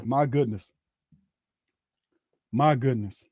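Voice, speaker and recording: A man's voice: slow, a little mellow, a little hiss or hum. A man hosting a casual watch-party, giving loose play-by-play commentary, exasperated and often laughing in disbelief. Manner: exasperated, laughing, rising to high-pitched disbelief. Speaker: host giving live game commentary.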